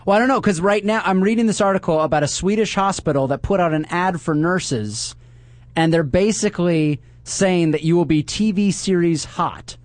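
A man's voice: high voice, normal speed, no echo. A man hosting a casual call-in talk show, teasing and laughing with callers. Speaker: show host.

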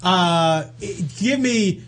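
A man's voice: high-pitched, animated, very slow, fairly bright tone. A man co-hosting a show, teasing and laughing easily in playful banter. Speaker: podcast co-host.

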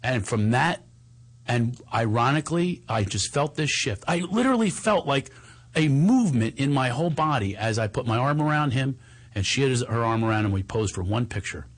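Animated man telling a story, laughing. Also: mid-range voice, moderate pace. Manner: animated, laughing, acts out what others said. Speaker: comedian guest. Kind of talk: storytelling in a conversation.

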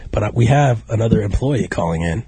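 A man's voice: lowish voice, expressive, a little fast, dark tone, breathy edge. A man hosting a podcast, telling boastful stories in crude, casual banter. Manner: boastful storyteller, laughs at his own jokes. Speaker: podcast host.

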